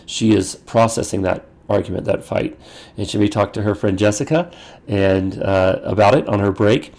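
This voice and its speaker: A man's voice: on the low side, gravelly, a little mellow. A male pastor giving a conversational teaching talk to ministers, often acting out quoted dialogue and restarting phrases.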